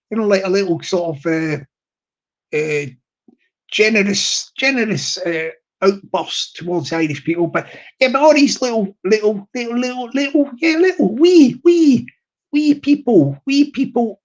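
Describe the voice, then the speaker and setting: A man's voice: sits high, lo-fi sound. A man chatting to his live stream audience in a rambling, teasing way, repeating himself and restarting.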